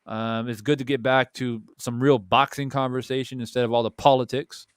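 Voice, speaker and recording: Clear and resonant at medium pitch, this young man speaks briskly while hosting a boxing talk show, blurting out an animated story with swearing, plenty of restarts and repeated words in casual chat. The recording is dry and of studio quality.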